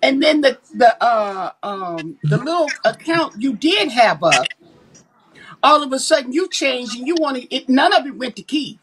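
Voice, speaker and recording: A woman's voice: high-pitched, sing-song, moderate pace, a bit bright, slight background noise, rough recording. A woman, talking animatedly and emphatically on a casual livestream. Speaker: livestream co-host.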